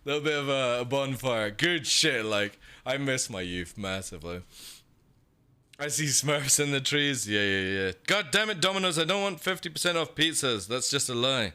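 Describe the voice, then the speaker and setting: A man's voice: mid-range voice, animated, normal speed, bright, forceful tone, smooth. A young man from the UK chatting casually on a livestream, rambling, swearing and laughing as he reads chat. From United Kingdom. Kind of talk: casual stream chat, reading chat.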